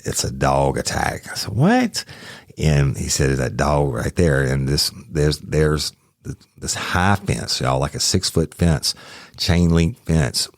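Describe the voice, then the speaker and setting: Man, very low voice, rambling profane storytelling, dry close sound. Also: dry recording. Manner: rambling, profane, self-correcting. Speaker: podcast host, former police officer. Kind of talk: true crime storytelling.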